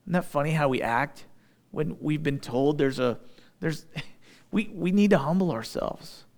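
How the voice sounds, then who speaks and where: A man preaches through a scripture passage. His voice sits a little higher than most men's. He reads verses and then breaks them down in plain, homespun talk with a touch of humor. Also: measured pace, darkish tone. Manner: plain-spoken, folksy asides with light humor. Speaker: pastor. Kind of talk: sermon, reading and explaining scripture.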